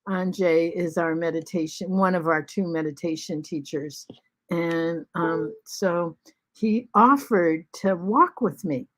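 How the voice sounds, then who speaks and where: A woman of seventy-three talking in a halting, soft way at home, pausing with many ums and restarts. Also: on the low side. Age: 70s. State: short of breath after covid. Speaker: vlog host. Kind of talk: casual spoken reflection.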